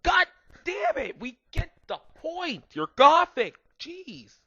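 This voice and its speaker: A shrill, squealing goth teen boy, put on by a man, high and overexcited, swinging wildly up and down. The sound is dull and lo-fi, recorded dry and close. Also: animated, very slow, heavily acted. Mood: exasperated yell. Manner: squealing, gasping, yelling. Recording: dull lo-fi home mic.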